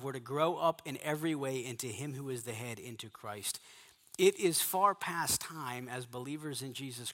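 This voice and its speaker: A man's voice: mid-range voice, a bit bright. Emphatic man preaching in a reverberant hall. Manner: emphatic preaching with repeated phrases. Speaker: pastor. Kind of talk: sermon to a men's gathering.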